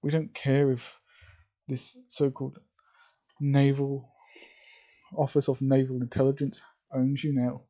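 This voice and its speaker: A man's voice: medium pitch, completely flat delivery, a little slow, long pauses, dark tone, close to an everyday voice. A man voicing a pleading middle-aged mother. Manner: earnest, pleading.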